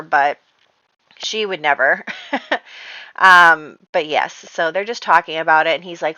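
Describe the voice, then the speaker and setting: A woman gives chatty, giggly commentary over a life-sim game. Her voice is bright and a little low for a woman. The recording is dry and slightly dull. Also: unhurried, long pauses, no room sound. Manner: chatty, giggly, heavy use of "like". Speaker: game let's-player. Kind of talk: casual gameplay commentary.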